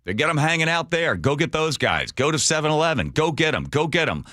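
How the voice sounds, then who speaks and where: A man's voice: a little high, sing-song, brisk, pushed and bright, no room sound, clean studio sound, pitched above the performer's own voice. A man hosting a radio show, briefly acting out a pushy male official who keeps urging agents on. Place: radio studio.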